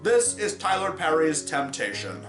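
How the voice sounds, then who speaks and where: A man narrating a comedic film review in a sarcastic, deadpan way. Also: a little high, a little slow. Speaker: movie reviewer. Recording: echoey room with faint music.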